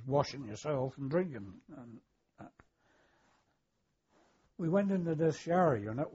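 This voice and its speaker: An older war veteran recalling his service in an interview, hesitant, with many fillers, throat clearing and chuckles. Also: medium pitch, a little mellow, muffled recording. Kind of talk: oral history recollection.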